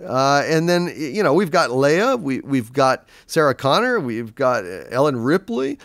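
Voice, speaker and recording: Man, livestream host, casual rambling chat, stammers and repeats words, swears, lively pitch, dry close sound. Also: a little slow, no room sound. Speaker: livestream host reading viewer donations.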